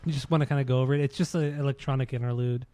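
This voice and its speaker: A man's voice: medium pitch, steady tone, racing, warm tone, clean tone, no room sound. A man co-hosting a music podcast, explaining songs in an earnest, casual chat, often repeating and restarting his words. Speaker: podcast co-host.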